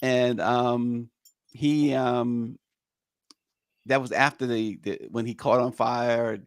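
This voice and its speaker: A man's voice: medium pitch, steady tone, takes it slowly, no room sound, clean studio sound. A man hosting a morning news show, reading headlines and chatting loosely with many fillers and restarts. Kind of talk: news talk and casual commentary.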